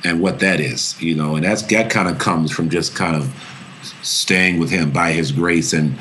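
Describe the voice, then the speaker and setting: A man's voice: sits low, normal speed, sharp tone, slight background noise. A man, an actor, giving a thoughtful and earnest interview answer about his voice, often restarting his phrases as he searches for words.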